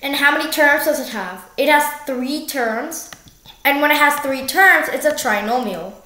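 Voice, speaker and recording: Young female tutor with a high voice and a relaxed, self-correcting delivery, recorded in a reverberant room. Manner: slow, self-correcting, jokey. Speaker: math tutor. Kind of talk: casual math walkthrough. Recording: echoey room.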